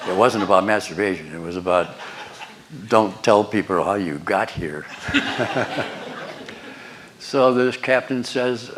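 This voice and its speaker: A man's voice: fairly low pitch, slow pace, long pauses, fairly bright tone, slight background noise. An older man giving a lecture, telling wry anecdotes with chuckles to an audience. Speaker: guest lecturer. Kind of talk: storytelling lecture. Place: lecture hall before an audience.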